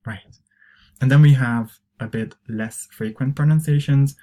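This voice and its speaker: Man, pronunciation coach, patient, mellow tone, repeats words slowly, chatty asides. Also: medium pitch. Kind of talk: pronunciation lesson.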